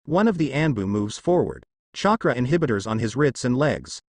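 A man's voice: mid-range voice, very animated, moderate pace, a little mellow, no echo. A man narrating a dramatic fan fiction story.

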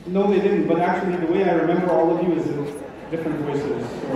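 A man's voice: high-pitched, fast talker, distant mic, a crowd in the background, background noise. A man giving a live religious talk to an audience, speaking emphatically with rhetorical questions and repetition. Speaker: Islamic speaker. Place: large event hall. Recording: echoey hall recording from afar, dull.

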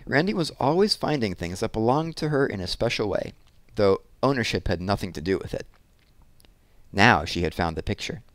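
A man with a low voice narrates a classic children's book. His delivery is measured yet expressive, his pitch moving widely across each line. The close mic leaves the sound dry, with no room around it. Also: no echo. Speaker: audiobook narrator. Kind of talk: scripted storybook narration.

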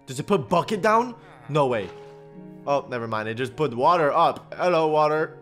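Excitable young man reacting to gameplay. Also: a little high, normal speed, soft background music. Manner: excitable, jumpy, slangy, laughs often. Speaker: YouTuber reacting to game clips. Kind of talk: casual reaction commentary.

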